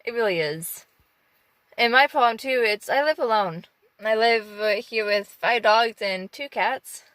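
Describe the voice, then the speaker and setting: A woman talking candidly and emotionally in a personal vlog from inside her parked car, halting and rambling as she speaks. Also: fairly high pitch, a bit bright, dry recording, low-quality recording. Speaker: off-grid dog musher vlogger.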